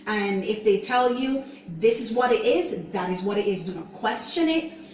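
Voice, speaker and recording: A woman's voice: mid-range voice, expressive, darkish tone. Earnest woman in a roomy echo. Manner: earnest, halting, leans on "you know". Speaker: show host sharing her own story. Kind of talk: personal testimony talk. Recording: roomy echo, voice distant from mic.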